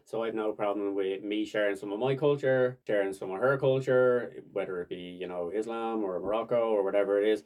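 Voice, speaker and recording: A young man with a very low voice answers an interviewer's questions calmly. He speaks at an even, measured pace. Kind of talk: casual interview.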